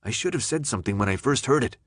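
A man's voice: mid-range voice, animated, quick pace, breathy edge, no echo, clean studio sound. A man voicing a sensible, street-smart older man who drops Spanish words, in an audiobook. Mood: wary.

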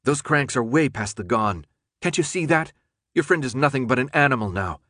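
A hard, impatient middle-aged pilot with a cold, gruff growl, as a man reading an audiobook puts him on. His lines are pushed loud and raised. It is a dry, close recording. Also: medium pitch, animated, normal speed, no room sound.

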